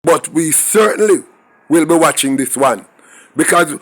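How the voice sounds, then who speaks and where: A man's voice: on the high side, lively intonation, unhurried, a bit bright. A man with a Jamaican accent giving opinionated crime commentary, talking straight to his viewers and firing off rhetorical questions. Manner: emphatic, rhetorical questions, talks to viewers directly.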